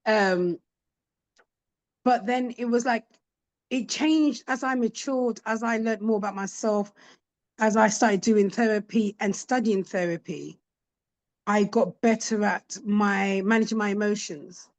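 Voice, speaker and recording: A middle-aged woman, a podcast guest, telling candid personal stories in an animated way and acting out what her children said. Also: medium pitch, unhurried. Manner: animated, acts out quoted voices of her children. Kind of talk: candid conversational storytelling.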